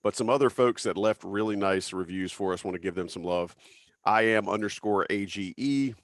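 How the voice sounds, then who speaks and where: A man's voice: fairly low pitch, normal speed, no echo. A man hosting a casual sports podcast, joking loosely and reading out listener names. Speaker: podcast host.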